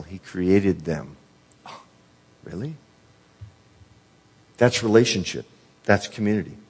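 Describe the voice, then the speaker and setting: Man, sermon, husky, low-pitched, earnest, rhetorical questions. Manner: earnest, rhetorical questions, drops softly on quoted words. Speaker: preacher.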